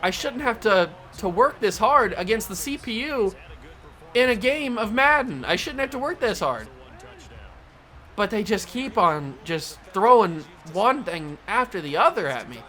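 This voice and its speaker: A man runs a gaming channel, narrating his own gameplay and shouting in frustration whenever things go badly. His voice sits high with wide swings in pitch, and he talks a little slowly.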